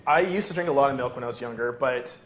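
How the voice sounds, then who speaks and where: A man's voice: medium pitch, quick pace. A man who produces the show joins a live health debate as a guest. He rambles through his explanations and throws in jokes along the way. His voice sits in a roomy studio with a faint background hum.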